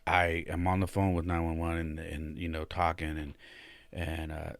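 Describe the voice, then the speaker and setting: A man with a very low voice tells a story in casual podcast talk, slipping into quoted voices and pausing on fillers. He sounds shaken. The recording is dry and close. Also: gravelly, no room sound. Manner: retells with animated quoted voices, many fillers. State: shaken and emotional. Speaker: podcast host.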